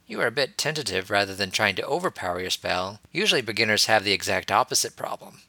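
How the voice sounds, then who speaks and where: A man's voice: fairly low pitch, animated, quick pace, bright, forceful tone, dry recording, exaggerated voice. A man voicing a playful, teasing young male wizard teacher, amused as he explains. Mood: teaching.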